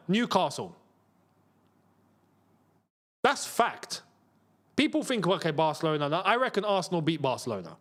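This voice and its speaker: A young man hosting a live football watchalong, chatting casually and getting excited as chances come. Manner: excitable, chatty, jumps to a high pitch when chances come. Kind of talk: live match watchalong commentary.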